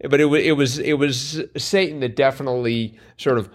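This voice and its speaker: A man's voice: mid-range voice, steady tone, fairly quick. A man co-hosting a crossword podcast, chatting casually with wry puns and many fillers. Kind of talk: casual chat.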